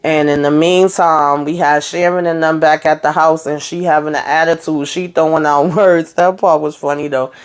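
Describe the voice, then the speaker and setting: A woman's voice: low voice, level tone, normal speed, few pauses, smooth. A woman casually recapping a TV episode, chatty and profane, with lots of fillers. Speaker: TV show reviewer.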